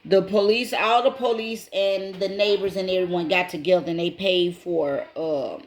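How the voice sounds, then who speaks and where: A woman with a lowish, steady voice hosts her own channel, speaking at a moderate pace. She casually retells a story, emphatically repeating key points and addressing her viewers directly as y'all.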